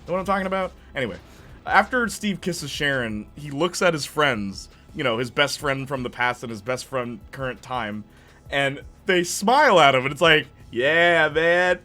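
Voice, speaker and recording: A young man commenting over his gameplay stream, rambling from one tangent to the next and full of fillers. His voice swings widely in pitch, and soft game music plays underneath. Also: lively intonation, moderate pace. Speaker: gaming streamer.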